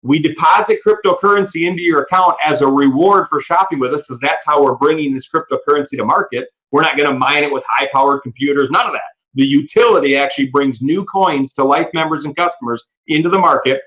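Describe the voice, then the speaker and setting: A man presenting a business opportunity on a call, excitedly telling stories and acting out the dialogue. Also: a little high, rough recording. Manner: excited storyteller, acts out quoted dialogue; talks fast, restarts sentences when fired up. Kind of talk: animated sales pitch on a call. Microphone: audio call.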